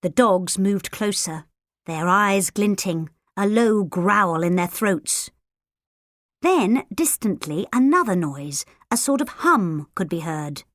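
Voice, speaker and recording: A woman narrating a children's storybook audiobook in a lively, expressive way. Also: mid-range voice, slow pace, no echo, studio quality. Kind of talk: storybook narration with character voices.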